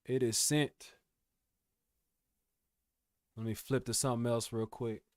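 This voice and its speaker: A man's voice: medium pitch, fairly even intonation, slow pace, dry recording, clean studio sound. A young man chatting casually with his live-stream viewers, laid-back and slangy, calling them bro and y'all. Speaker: music producer streamer.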